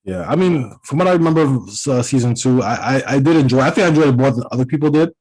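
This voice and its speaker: Fast-talking Caribbean-raised man, rambling. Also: mid-range voice, animated, darkish tone, husky, low-quality recording. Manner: rambling, many fillers and restarts. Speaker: podcast co-host. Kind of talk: casual chat.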